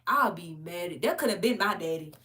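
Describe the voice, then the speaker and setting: A woman's voice: on the low side, moderate pace. A woman giving casual ranting commentary as a vlogger, blunt and profane, laughing between points as she tells stories. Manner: blunt, profane, animated storytelling.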